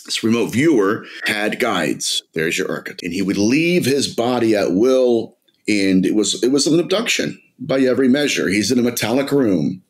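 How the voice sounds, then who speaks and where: Man, middle-aged, podcast guest, intense storyteller, lowish voice, very animated pitch. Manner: intense, dramatic storyteller, addresses listener as "my friend". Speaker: podcast guest, demonologist author. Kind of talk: storytelling in an interview.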